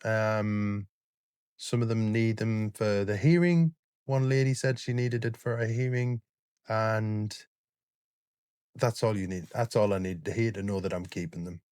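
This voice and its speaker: A British man hosting a reaction channel, speaking to camera in a gentle, sincere way with plenty of fillers and restarts. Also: on the low side, fairly even intonation, measured pace, clear, resonant tone, no echo, studio quality. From Britain. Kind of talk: casual talk to camera.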